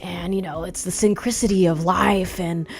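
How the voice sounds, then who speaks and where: A woman voicing an awkward, clingy young man who rambles in a soft, halting way. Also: fairly low pitch, fairly even intonation, close to an everyday voice. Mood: rambling. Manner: halting, mumbled, trailing off.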